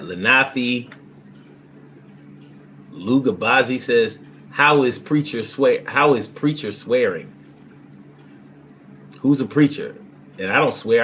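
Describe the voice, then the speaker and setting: A mid-range male voice, with a little hiss or hum in the audio, belongs to a livestream host reading viewers' chat comments aloud. In this casual stream talk he answers bluntly and with lots of cursing, breaking into loud, animated bursts.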